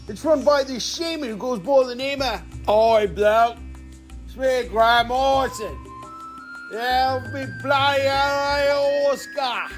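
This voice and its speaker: A woman voicing a crude, rambling male British writer caricature in a mock British accent, shouting insults. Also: fairly high pitch, natural voice. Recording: music playing under the voice. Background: music.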